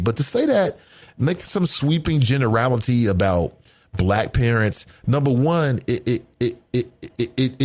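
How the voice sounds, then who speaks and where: A middle-aged man delivers a solo commentary monologue with a voice that swings widely up and down. He sounds indignant and blunt, swears freely, and keeps hitting the listener with rhetorical questions. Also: mid-range voice. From United States. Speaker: podcast host.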